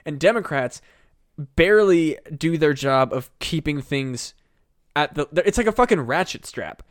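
On a casual podcast, a male co-host a few beers in rambles and swears his way through a heated, animated rant. His voice sits on the high side at a measured pace, recorded dry with studio quality.

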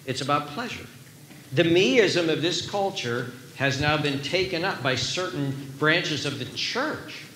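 A male pastor delivers an emphatic sermon in a sanctuary, his voice sitting a little high for a man. His tone is bright and forceful, and he presses his points by repeating them. The room adds a noticeable echo, with a faint ambient hum behind him. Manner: earnest, emphatic preaching with repeated phrases. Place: church sanctuary.

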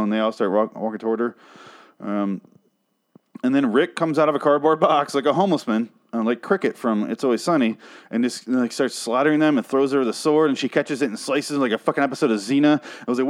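A man in the middle of an angry, sarcastic review of a TV episode, swearing freely. He mocks the characters with quick put-on voices in a mid-pitched voice. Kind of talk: profane ranting review.

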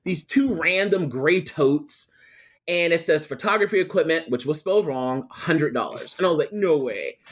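A young adult man, a guest telling a personal story with lively quoted voices. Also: a little high, moderate pace. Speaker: guest, photographer and attorney. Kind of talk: storytelling in a podcast interview.

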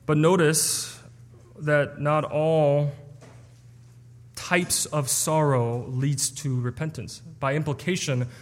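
A man's voice: fairly high pitch, fairly even intonation, takes it slowly, long reverb tail. A man preaching an expository sermon, explaining a passage earnestly with some stumbles and restarts.

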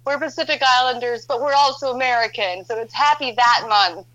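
A woman's voice: high-pitched, fairly quick, dull audio, a loud crowd. A woman, a model and actress, chatting as a podcast guest and laughing easily. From Filipino-Norwegian heritage. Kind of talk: casual chat.

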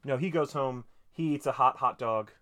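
A man's voice: mid-range voice, normal speed, a bit bright. A man in casual chat, animatedly retelling a movie scene and acting out the characters' lines. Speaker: podcast co-host recapping a movie.

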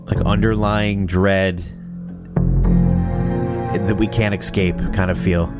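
Speaking slowly in a low, flat voice, the male host rambles casually about horror film themes. He keeps correcting himself and swears offhandedly while faint music sits underneath.

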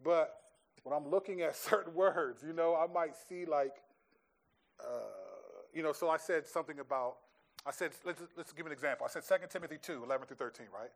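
A man's voice: a little high, fairly quick, gravelly. A man speaking as a pastor in a church question-and-answer session, thinking aloud and often restarting his sentences.

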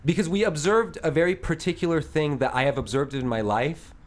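A man in his thirties hosts a casual podcast chat, his voice a little high and brisk. He tells rambling stories that keep getting broken up by laughter.

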